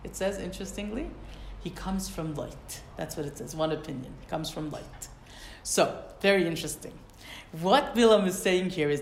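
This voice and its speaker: Woman giving a torah class, lively, reads hebrew lines then explains, roomy echo. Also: on the low side, a little hiss or hum. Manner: animated, quotes Hebrew verses then translates. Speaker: Torah teacher. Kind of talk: teaching a Torah lesson.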